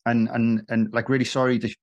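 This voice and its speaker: A man's voice: mid-range voice, little pitch movement, fairly quick, muffled recording. Chatty Welsh man hosting a podcast. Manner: friendly, laughs often, many fillers and restarts. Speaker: podcast host. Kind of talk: casual interview chat.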